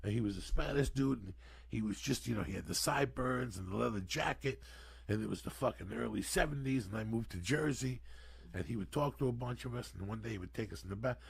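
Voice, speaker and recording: A man's voice: mid-range voice, fast, creaky, husky. A man in his sixties, a podcast guest telling long, profane, rambling stories in a casual way. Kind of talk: casual storytelling.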